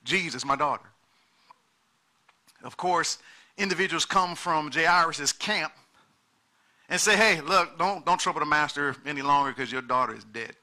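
A man delivering a sermon with a very bright, cutting tone. His voice sits a little high for a man. He talks in an animated way, stacks up repeated words and acts out the people in his story. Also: normal speed, long pauses. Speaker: preacher.

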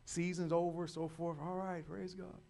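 A man preaching a sermon, repeating words and building to loud calls to his listeners. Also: fairly high pitch, little pitch movement, normal speed, creaky. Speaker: pastor.

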